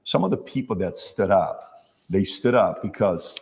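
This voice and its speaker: In a large hall, a man hosts a podcast with a conversational interview feel, telling stories loosely with lots of fillers and acted-out dialogue. His low voice is gravelly and darkish, with lively intonation at a normal speed.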